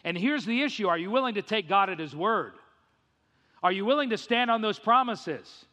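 High bright pastor guy, punchy rhetorical sermon, echoey hall. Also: animated, moderate pace. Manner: emphatic, rhetorical questions, acts out quoted voices. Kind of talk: expository sermon. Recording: reverberant hall.

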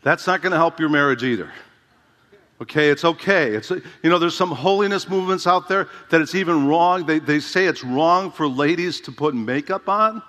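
A man's voice: a little high, normal speed, fairly bright tone. A man preaching a sermon as a pastor, emphatic and conversational, often asking the congregation rhetorical questions. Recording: reverberant hall.

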